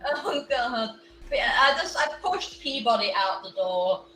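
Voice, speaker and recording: A woman's voice: a little high, animated, unhurried, bright, forceful tone, soft background music. A woman playing a tabletop game, playful and casual. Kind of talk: casual tabletop role-play chat. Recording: echoey room.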